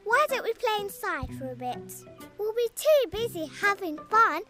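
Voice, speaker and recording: A woman voicing a cheerful, brave young girl in a children's cartoon, gentle and reassuring, with loud music behind her. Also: very high-pitched, big pitch swings, normal speed. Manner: gentle, soothing, sings a chanting rhyme. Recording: music playing loudly behind.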